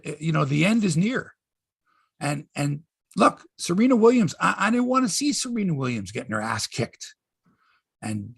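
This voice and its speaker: A man's voice: on the high side, vocal fry, a bit bright, breathy edge, no echo, clean studio sound. A man hosting a sports podcast, ranting in casual chat, swearing and acting out quotes in voices.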